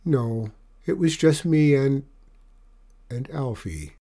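A bashful young dragon boy, as a male narrator puts him on, with soft, halting answers. The voice is mellow and dark, sitting at a middle pitch. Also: lively intonation. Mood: sheepish.

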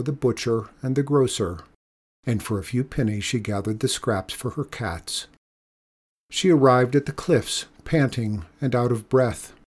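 A man narrating a children's story in a measured, expressive reading. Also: mid-range voice.

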